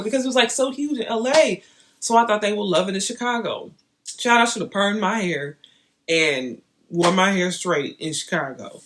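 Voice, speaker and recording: A young woman vlogging, chatting straight to her viewers in an animated, storytelling way. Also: medium pitch, brisk, a little hiss or hum. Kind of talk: casual storytelling to camera.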